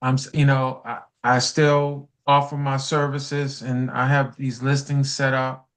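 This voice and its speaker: A man's voice: medium pitch, flat delivery, unhurried, a bit bright. A man from South Carolina joining a coaching webinar, chatting casually and hesitantly with many fillers. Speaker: webinar participant. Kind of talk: casual chat.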